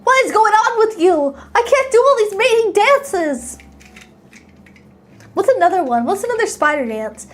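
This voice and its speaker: A young woman streaming live, her voice bright and high, leaping all over the place. She is excitable and quick to squeal or giggle, chatting casually with her audience. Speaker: VTuber streamer.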